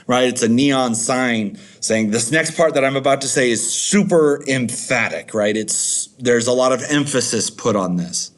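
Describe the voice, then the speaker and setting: A man's voice: medium pitch, moderate pace. A man teaching a recorded video lesson, chatty and rambling with many fillers.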